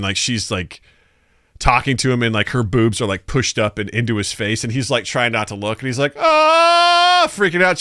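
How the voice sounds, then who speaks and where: A man's voice: medium pitch, no room sound. A man co-hosting a podcast, telling stories and bouncing between voices as he acts out a conversation. His voice sits in the middle range, recorded close and dry with almost no room sound. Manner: animated storyteller acting out his daughter's questions. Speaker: podcast co-host. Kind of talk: casual storytelling chat.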